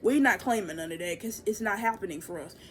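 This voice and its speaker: A young woman giving a casual, profane oracle reading, loose and chatty, jumping into excited high bursts. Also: fast, slight background noise. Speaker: tarot and oracle reader.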